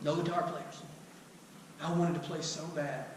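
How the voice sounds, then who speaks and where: A man's voice: a little high, flat delivery, unhurried, a little hiss or hum. A man preaching a sermon as pastor, firing rhetorical questions with touches of humor. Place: church sanctuary. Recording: echoey hall, mic at a distance.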